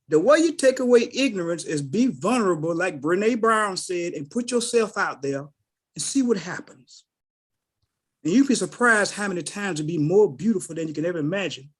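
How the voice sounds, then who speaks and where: Guy telling stories on a call, voice jumps all over, does the other people's voices. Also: high voice. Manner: animated storyteller who acts out quoted voices. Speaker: call participant. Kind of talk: casual spoken testimony.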